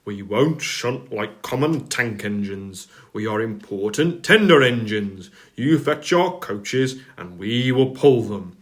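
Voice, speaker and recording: A man's voice: lowish voice, lively intonation, takes it slowly, hardly any pauses. A man voicing a proud, rude big express engine in a storybook reading, haughty.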